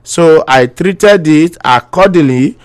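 Nigerian man, pidgin accent, slightly higher voice, comic mock-bishop on a live stream, laughs a lot. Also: lively intonation, slow. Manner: playful mock preaching, laughs often between lines. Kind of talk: live-stream comedy, reading viewer comments.

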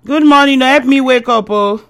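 A woman's voice: sits high, moderate pace. A Nigerian woman hosting a morning call-in radio show, bantering in pidgin with callers. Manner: warm pidgin banter, short replies to callers.

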